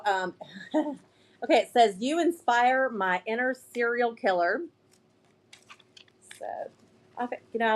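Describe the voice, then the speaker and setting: A chatty woman, showing new shop products on a casual live stream and reading funny signs aloud with giggles. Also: fairly high pitch.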